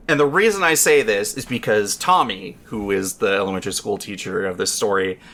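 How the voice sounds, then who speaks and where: Bright-voiced man telling a rambling story. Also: fairly low pitch, expressive, brisk, few pauses. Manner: profane, rambling, full of fillers. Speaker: podcast panelist. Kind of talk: casual storytelling chat.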